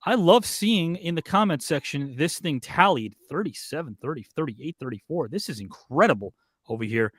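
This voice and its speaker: A man's voice: a little high, animated, normal speed, a bit bright, husky, no room sound, studio quality. A man hosting a live online debate show, upbeat as he reads out viewer votes and comments. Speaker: host.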